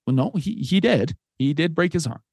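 A man in his thirties tells a personal story as a podcast host, earnest and heartfelt. His voice is mellow and warm, close and dry, with no room sound. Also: fairly high pitch, expressive, moderate pace, no echo.

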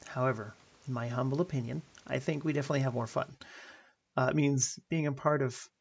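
A man in his thirties with a gravelly, husky voice talks through a solo podcast episode. He speaks in an earnest, storytelling way and pokes fun at himself now and then. The sound is dull and lo-fi, as from a home mic. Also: mid-range voice, steady tone, brisk. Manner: earnest, warm-hearted storytelling with light self-deprecating humor. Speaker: podcast host. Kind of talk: personal podcast monologue.

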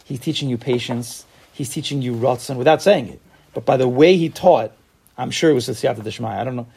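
A man leads a casual Torah class at a quick clip. His voice is gravelly and husky, and he acts out short exchanges and fires off rhetorical questions. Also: medium pitch. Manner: animated, acts out little dialogues and asks rhetorical questions.

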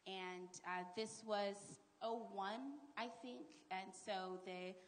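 Middle-aged woman, panel guest, lively and emphatic telling of a story. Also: medium pitch, slow pace. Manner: animated storyteller with emphatic asides. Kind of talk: speaking on a live panel.

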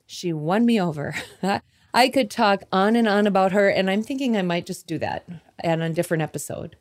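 A woman's voice: medium pitch, moderate pace. A woman hosting a podcast, telling a personal story and then preaching with a building, repeating cadence. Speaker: podcast host. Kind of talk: devotional storytelling talk.

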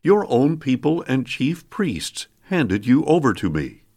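A man reading the lines of a wary male Roman governor questioning a prisoner, in a measured, solemn way. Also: medium pitch, big pitch swings, mellow.

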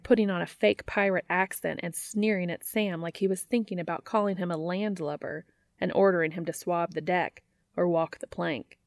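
A woman reads fan fiction aloud with wry, dry storytelling. Her voice is fairly low with a gravelly texture. The recording is close and dry, with no room sound. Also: dry recording.

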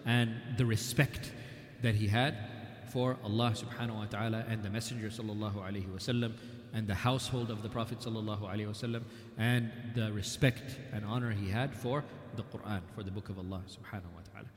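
A man's voice: lowish voice, fairly even intonation, fast. Man lecturing in an echoey hall. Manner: retells with quoted dialogue and recited scripture. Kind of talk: weekly religious history lecture. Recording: echoey hall with long reverb.

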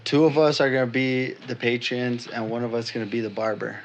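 A man co-hosting a casual chat, loose and quick to laugh, swearing casually. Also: medium pitch, little pitch movement, lo-fi sound, slight background noise.

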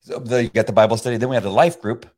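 A middle-aged man chatting casually about faith, rambling with many halting restarts and frequent laughs. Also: medium pitch, a little mellow. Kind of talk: casual conversation.

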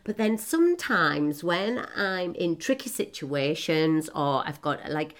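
Woman in her 40s, chatty and self-mocking, laughs a lot, slightly low voice. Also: animated, slow pace. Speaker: motivational speaker. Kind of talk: casual personal talk to an audience.

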